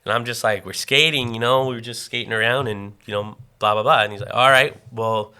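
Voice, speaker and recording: A man's voice: mid-range voice, fairly even intonation, fairly quick, pushed and bright, clean tone. A man, co-hosting a casual podcast, telling a story full of swearing and acted-out quotes. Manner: swears constantly, acts out quoted voices. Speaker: podcast co-host.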